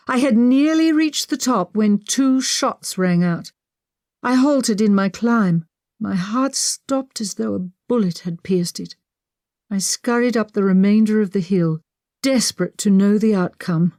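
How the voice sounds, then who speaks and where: A woman narrating a historical mystery audiobook in the first person, measured and dramatic, on a close studio mic. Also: medium pitch, darkish tone, no room sound.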